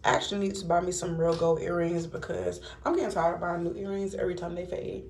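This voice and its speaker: A woman's voice: on the low side, fairly even intonation, fast, a little mellow, reverberant. Chatty young woman vlogging with wind noise. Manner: chatty, loose and talkative with fillers. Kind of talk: casual vlog chat. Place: at home, then outdoors at a windy beach. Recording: wind and surf noise outdoors.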